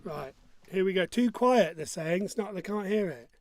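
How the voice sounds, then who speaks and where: A man's voice: high voice, lively intonation, normal speed. A man hosting an online pub quiz, joking along and humming his own jingles. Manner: jokey and upbeat, hums his own jingles.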